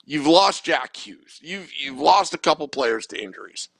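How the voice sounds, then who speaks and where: Gravelly opinionated male podcast co-host. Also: fairly high pitch, expressive, moderate pace, fairly bright tone, dry recording, low-quality recording. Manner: rambling, opinionated, many restarts. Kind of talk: casual sports chat.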